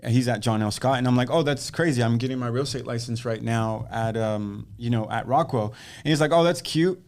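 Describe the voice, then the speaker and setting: A man's voice: medium pitch, a little fast. A man in a casual podcast interview, telling the story of his start in real estate. He talks in a mid-range voice and acts out the lines of the people he quotes. The telling is loose and conversational. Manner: animated storyteller who acts out quoted dialogue. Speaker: guest, real estate agent.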